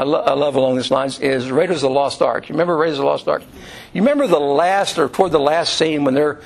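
A man's voice: on the high side, creaky. A man preaching a sermon to his congregation, telling a story in a loose, conversational way with many fillers and restarts. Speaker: pastor. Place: church room.

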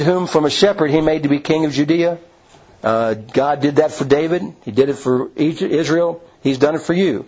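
A husky, slightly high-voiced man preaches a sermon. He reads passages aloud between plain asides and often restarts his sentences. The recording sounds dull and lo-fi. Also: darkish tone.

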